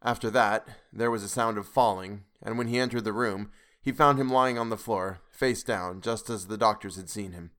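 A man narrating a classic novel aloud in a grave, measured way. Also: fairly low pitch, steady tone, a bit bright. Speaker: podcast reader. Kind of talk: audiobook narration.

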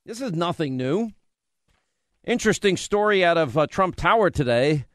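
A man's voice: on the high side, lively intonation, normal speed, no echo, clean studio sound. A man hosting a talk radio show, delivering an opinionated, sarcastic monologue. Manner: combative, sarcastic.

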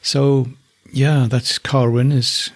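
A man's voice: medium pitch, little pitch movement, takes it slowly, dry recording. A middle-aged man from northeast England who keeps alpacas, chatting casually and fondly about them as he thinks aloud. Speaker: alpaca keeper. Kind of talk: casual spoken commentary.

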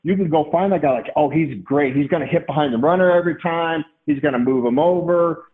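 A man's voice: a little high, fairly quick. A middle-aged man speaking as a podcast guest, rambling in casual chat. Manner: rambling, many fillers and restarts. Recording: tinny phone-like line.

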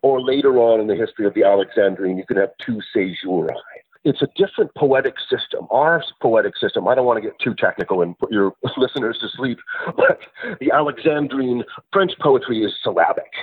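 A man as a poet and translator guest in a literary interview, explaining in a thoughtful way with pauses and restarts. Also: medium pitch, expressive, husky, no echo. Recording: tinny phone-line sound.

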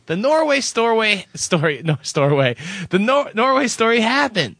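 A man's voice: high-pitched, very animated, moderate pace, fairly bright tone, no echo, clean studio sound. A man hosting a radio show, bantering and reminiscing in a playful, casual way.

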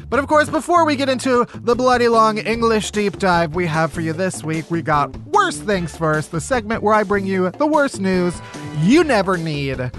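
A man hosting a comedy podcast in a studio, ranting sarcastically and swearing a lot. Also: high-pitched. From Chicago area. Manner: sarcastic, profane, animated ranting. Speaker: podcast host.

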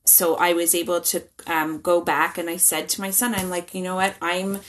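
A woman in her thirties, appearing as a guest in a relaxed interview, talks about parenting in a chatty way, often restarting her sentences. Her pitch is fairly low, her tone level, and her pace normal.

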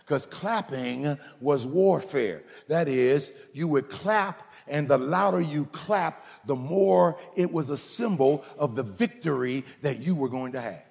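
With a folksy, joking storytelling style, a male pastor preaches a sermon, playfully teasing and calling out to his congregation. His fairly high voice is gravelly with some fry and a darkish tone, unhurried with hardly any pauses, ringing with the long reverb of a big church hall.

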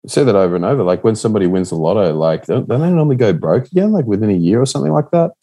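A male podcast host in casual conversation, asking curious follow-up questions. His voice is fairly low and mellow. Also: expressive, rapid-fire. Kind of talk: casual chat.

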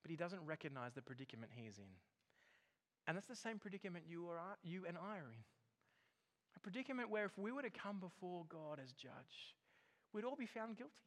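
A man's voice: high voice, very animated, fairly quick, fairly bright tone, in a large hall. A man preaching a sermon as pastor, earnest and emphatic, often repeating a word as he builds a point.

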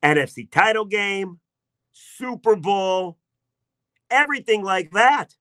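Bright-voiced sarcastic sports radio man. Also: high voice, lively intonation, slow pace, no echo. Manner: chatty, sarcastic storytelling. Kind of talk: sports talk radio monologue.

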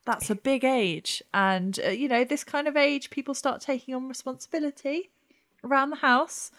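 A woman's voice: high-pitched, moderate pace, fairly bright tone. Playful, teasing woman player. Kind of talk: tabletop role-play, in character.

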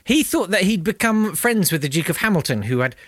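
A man's voice: sits high, very animated, fairly quick, background noise. A man co-hosting a comic history podcast, telling a story with mock-indignant banter. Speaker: podcast co-host.

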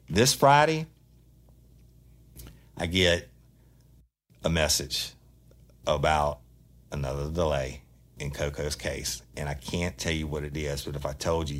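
Very deep-voiced, blunt man. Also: a bit bright. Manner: blunt, profane, fired-up. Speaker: true-crime podcast host. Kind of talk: casual monologue storytelling.

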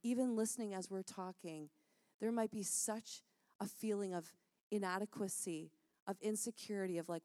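A woman speaking earnestly and warmly in a conversational Christian talk, laughing often as she encourages listeners. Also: medium pitch, fairly even intonation, normal speed, dry recording, clean studio sound.

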